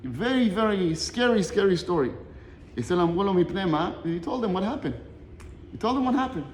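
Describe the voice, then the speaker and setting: Male Torah teacher, high-pitched and quick, animated storyteller mixing Hebrew quotes with English; echoey reverberant room. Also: a little hiss or hum. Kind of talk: short Torah lesson retelling a Talmud story.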